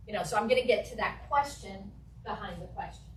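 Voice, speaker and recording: A woman teaching a real estate class, acting out client conversations in a lively, animated way. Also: medium pitch, a little fast, slight background noise. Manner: animated, acts out client dialogues. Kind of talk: classroom training talk. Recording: echoey room from a distance.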